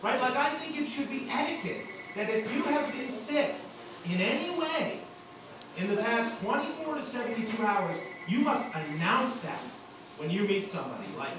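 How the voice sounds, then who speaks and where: Animated man doing stand-up in a club. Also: extremely high pitch, normal speed. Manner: animated, punchy delivery with sudden loud outbursts. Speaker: stand-up comedian. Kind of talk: open mic stand-up set. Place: small supper club stage. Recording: distant, echoey club recording with room noise. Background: audience laughter and club ambience.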